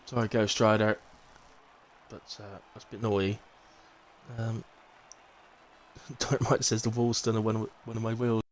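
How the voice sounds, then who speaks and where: A man's voice: fairly low pitch, little pitch movement, unhurried, pauses often, low-quality recording. Bristol guy doing laid back race commentary, chatty, wanders off into asides, faint noise behind him. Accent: Bristolian English. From Bristol, England. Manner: chatty, rambling, fills gaps with asides. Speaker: sim racing league commentator. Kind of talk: live casual race commentary.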